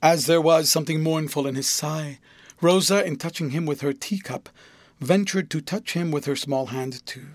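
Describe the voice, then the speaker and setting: A man narrating a classic novel with measured, even storytelling. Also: fairly high pitch, no echo. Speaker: audiobook narrator. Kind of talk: scripted narration.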